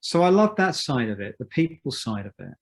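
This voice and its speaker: A man in his fifties, a musician being interviewed, who talks in a thoughtful, measured way with many restarts. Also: medium pitch, big pitch swings. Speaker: musician guest. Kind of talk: reflective interview talk.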